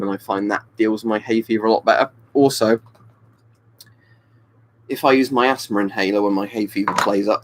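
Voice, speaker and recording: A man's voice: lowish voice, a little hiss or hum, low-quality recording. A young man from the UK, chatting casually on a live webcam stream and answering viewers by name. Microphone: webcam mic.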